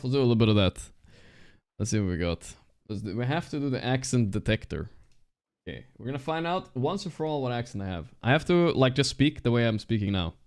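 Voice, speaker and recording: A young man with a Swedish accent casually commentates and chats on his stream, using slang, swearing a lot and laughing at himself. His voice is mid-range, darkish and clean.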